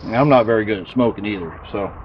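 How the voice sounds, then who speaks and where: A man's voice: on the low side, quick pace, dull audio, slight background noise. Man talking with his mouth full. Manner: relaxed, eating while talking. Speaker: channel host. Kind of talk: casual vlog.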